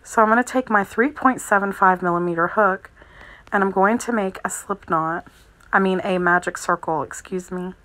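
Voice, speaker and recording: A woman giving a calm, methodical crochet tutorial, narrating each step as she works. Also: medium pitch, moderate pace, low-quality recording. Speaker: crochet instructor.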